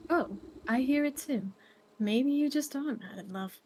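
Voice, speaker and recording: A woman voicing a blunt, cranky old witch granny in a fairytale game, gruff and grumbling. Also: sits high, unhurried, a little mellow, slight background noise, pitched above the performer's own voice.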